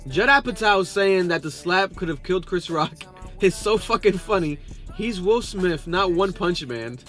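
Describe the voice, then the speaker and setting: Male podcast host, bright edgy tone, loud profane reactions, reads posts aloud. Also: high-pitched, animated, unhurried, soft background music. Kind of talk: casual reaction commentary.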